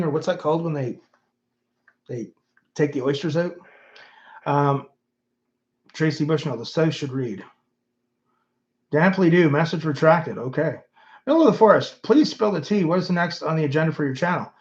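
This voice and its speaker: A man's voice: a little high, expressive, normal speed, pauses often, highs cut off. A middle-aged man with a Canadian accent, hosting a casual livestream and reading viewers' comments aloud in a musing, rambling way full of fillers. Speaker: host of his own channel.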